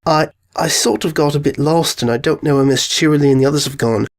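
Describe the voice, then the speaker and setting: A woman's voice: low voice, fast talker. A woman voicing a young, shy male pony colt who talks nervously and apologetically. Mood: apologetic.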